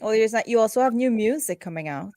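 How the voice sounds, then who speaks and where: A woman's voice: on the high side, expressive, quick pace, dry recording. A woman hosts a talk show in a dry, close-miked studio sound. She chats loosely with her guests, restarting sentences as she goes. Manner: warm thanks, loose restarts. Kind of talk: casual on-air chat with guests.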